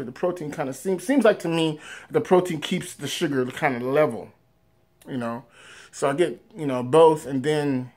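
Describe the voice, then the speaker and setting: A man talking casually to camera in a personal vlog, rambling with many fillers and restarts, rising loud at the big moments and trailing off quietly after. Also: on the high side. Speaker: vlogger.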